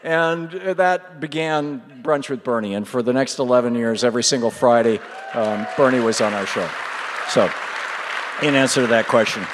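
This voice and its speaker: A middle-aged man, a radio host, telling a rambling, animated story with many fillers and laughs at a live event in a large hall. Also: medium pitch, moderate pace, some chatter behind, slight background noise. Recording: long hall reverb.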